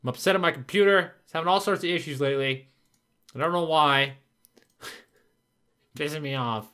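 A man's voice: a little high, normal speed, bright, forceful tone, clean tone. A man narrating his own gameplay, frustrated and swearing as he talks to himself. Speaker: gaming video creator. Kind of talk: gameplay commentary.

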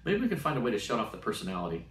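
A man's voice: lowish voice, huge pitch swings, rapid-fire. A man reading aloud and voicing a wry, nervous young male engineer in a matter-of-fact way. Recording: roomy sound from a distant mic.

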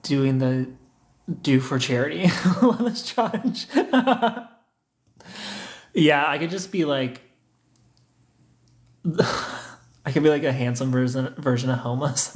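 A young man, hosting a casual livestream, reading chat comments aloud and teasing viewers in a joking way. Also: a little high.

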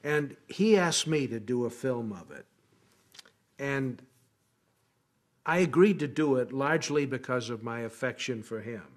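A man with an ordinary mid-range voice speaks calmly and fondly in a documentary interview, recalling why he took on a film. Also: medium pitch, a little slow, pauses often.

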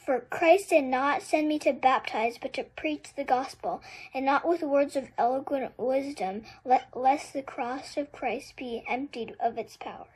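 A woman reads a Bible passage aloud. Her voice sits very high, and she reads carefully and deliberately. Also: a little mellow, breathy edge, low-quality recording. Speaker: scripture reader. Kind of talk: Bible reading.

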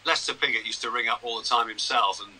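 A man's voice: mid-range voice, fairly even intonation, quick pace, sharp tone, slight background noise, low-quality recording. A man in his sixties, a broadcaster and journalist, chatting anecdotally over a video call. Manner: chatty, anecdotal, self-deprecating. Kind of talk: casual interview chat.

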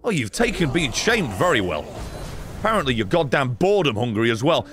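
A man doing gameplay commentary, loud and sarcastic, swearing and shouting at the game. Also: medium pitch, big pitch swings, brisk, slight background noise. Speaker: gaming streamer.

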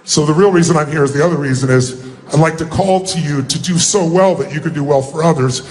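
A man's voice: fast talker, darkish tone, slight background noise. A man speaking as a motivational speaker, telling an emotional personal story to an audience in an earnest way. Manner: earnest, emotional storytelling, pitch jumps up when acting out dialogue.

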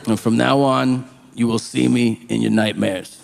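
A man's voice: mid-range voice, steady tone, unhurried, gravelly, darkish tone, in a large hall, voice pushed down. A man voicing a menacing adult male prison inmate who threatens kids, swinging from a growl to a shriek. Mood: growling menace.

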